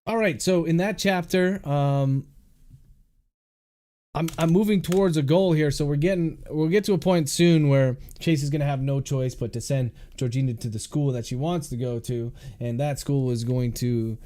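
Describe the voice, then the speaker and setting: A man at a studio microphone dictates his novel line by line, calling out each comma and period. Between chapters he drops into relaxed, joking chat with his viewers. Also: fairly high pitch, moderate pace. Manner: speaks punctuation aloud, chatty and joking between chapters.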